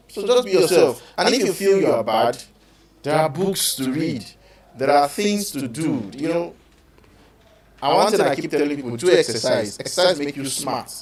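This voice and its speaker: A man with a Nigerian accent hosting a live call-in show on relationships, talking in an animated way, slipping into pidgin and acting out quotes. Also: fairly high pitch. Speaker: radio show host. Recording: echoey room, distant from mic.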